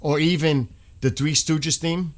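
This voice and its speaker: A man's voice: a little high, steady tone, a little slow. A man hosting a live stream, chatting casually with viewers, laughing often and breaking into bits of song. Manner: laughing, rambling, breaks into sung snippets. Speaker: livestream host.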